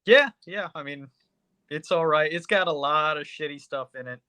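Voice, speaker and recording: A man co-hosting a podcast, reviewing a movie in a casual, excitable, profane way with lots of fillers. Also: a little high, moderate pace, no echo. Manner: excitable, swears a lot, trails off with fillers. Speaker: podcast co-host.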